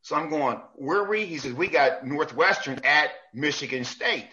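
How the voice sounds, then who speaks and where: A man, a basketball referee, telling a story in a casual, animated way and acting out the people he quotes. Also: fairly high pitch, moderate pace, muffled recording. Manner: animated, acts out quoted coaches.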